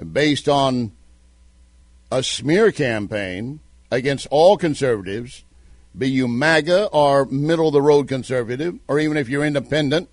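A man with a Southern American accent and a mid-range voice hosts a talk radio show, reading sponsor spots and delivering emphatic commentary. He repeats phone numbers slowly, and the recording is dry.

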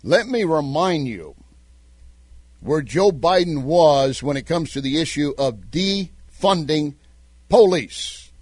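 A man's voice: on the high side, expressive, a little mellow, breathy edge, no echo. A man with a Southern American accent hosting a talk radio show, reading sponsor spots and giving emphatic commentary. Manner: emphatic, repeats phone numbers slowly.

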